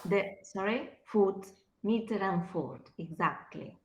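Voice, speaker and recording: Slow-paced woman teacher lecturing. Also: medium pitch, reverberant, a little hiss or hum, rough recording. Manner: slow, explanatory, checks understanding with questions. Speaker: literature teacher. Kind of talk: lecturing a class.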